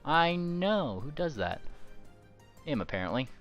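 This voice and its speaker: A woman narrating a tabletop game as game master, playful and animated. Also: low-pitched, measured pace, lo-fi sound, soft background music. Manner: playful, animated, squeals and laughs.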